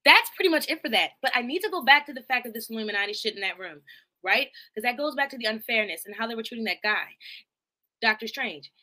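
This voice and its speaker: Bright-voiced rambling woman streamer. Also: fairly high pitch, fast. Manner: rambling, swearing, animated, laughing asides. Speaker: live streamer. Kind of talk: casual movie recap chat.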